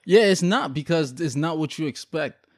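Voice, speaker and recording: A man chatting casually, telling relaxed family stories with frequent pauses and ums. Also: a little high, dry recording, studio quality. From Guyanese family. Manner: laid-back storytelling with frequent ums. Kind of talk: casual chat.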